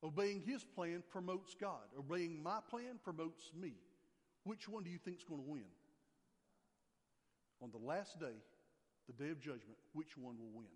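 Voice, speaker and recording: An older man preaching a sermon, emphatic, repeating key phrases and dropping his voice low for scripture. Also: expressive, a little slow, long pauses. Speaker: pastor. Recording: long hall reverb.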